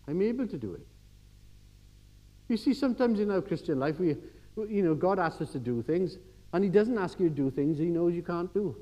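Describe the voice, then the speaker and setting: An older man giving a church sermon, telling everyday stories and swinging from quiet asides to emphatic exhortation. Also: high-pitched, expressive, brisk, poor audio. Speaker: preacher.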